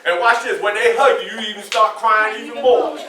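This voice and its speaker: A man's voice: high-pitched, steady tone, a little fast, bright, forceful tone, some chatter behind, slight background noise. A man in his sixties, a guest speaker telling a class a personal story with vivid, repetitive phrasing and questions to the room. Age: 60s. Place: school classroom indoors. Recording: echoey classroom, distant mic.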